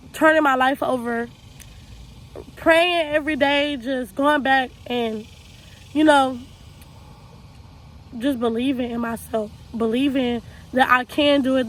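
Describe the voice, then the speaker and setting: High-voiced young woman, earnest storytime. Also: fairly bright tone, a little hiss or hum, low-quality recording. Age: young adult. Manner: earnest, raw, repeats herself, loose casual speech. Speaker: vlogger telling her life story. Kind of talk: personal storytime monologue.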